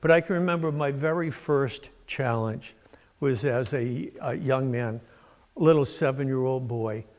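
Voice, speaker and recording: An older man from Massachusetts giving a sermon in a church, telling stories in a folksy, unhurried way with fillers. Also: medium pitch, a little mellow. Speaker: preacher. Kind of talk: sermon with storytelling. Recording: long church reverb.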